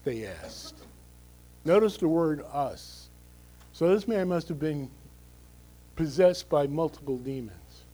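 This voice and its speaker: A man's voice: a little high, lively intonation, takes it slowly, long pauses, warm tone, rough recording. A male pastor giving a conversational, emphatic sermon, often checking in with the congregation through tag questions.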